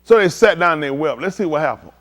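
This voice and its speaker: A man's voice: a little high, expressive, fairly quick, a bit bright. A man preaching at a livestreamed scripture teaching, emphatic and slangy, firing rhetorical questions at his listeners. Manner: slangy street talk.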